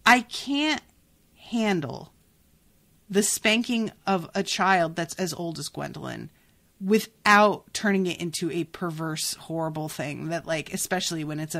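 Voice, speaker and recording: A woman hosting a podcast, chatting casually and reacting to a book in an animated, exasperated way, swearing freely. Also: sits low, vocal fry. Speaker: podcast host.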